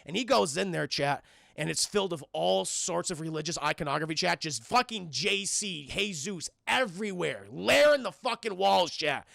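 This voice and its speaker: A man streaming a casual, profane scene-by-scene film recap, animated and talking to his live chat. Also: high voice, moderate pace, creaky, no echo, studio quality.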